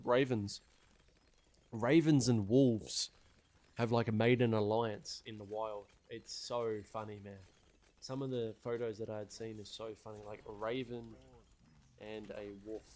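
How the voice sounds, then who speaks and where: A young man chatting casually while streaming a game, rambling and swearing with animated wonder. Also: mid-range voice. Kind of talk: casual chat while gaming.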